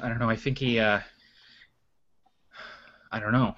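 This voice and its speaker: Bright-voiced male player, gruff. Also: mid-range voice, fairly even intonation, measured pace. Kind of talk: tabletop role-play. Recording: dull lo-fi sound.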